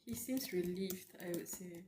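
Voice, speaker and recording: Tearful woman streamer reading aloud slowly. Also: lowish voice, mellow, echoey room, slight background noise. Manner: emotional, reacting and talking to chat between read lines. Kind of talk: live reading with reactions. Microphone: close desk mic.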